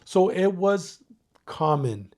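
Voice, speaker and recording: A Mexican-born older man, a retired police detective, telling stories in a casual interview, animated and profane, dropping "dude" and "you know what I mean" all through. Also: sits high, slow pace.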